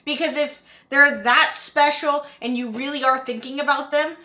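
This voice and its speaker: Young woman commentator, high bright voice, chatty, lots of "like" fillers, casual reaction talk. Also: steady tone, moderate pace. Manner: chatty, filler-heavy with frequent "like", repeats herself. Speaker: YouTube commentator.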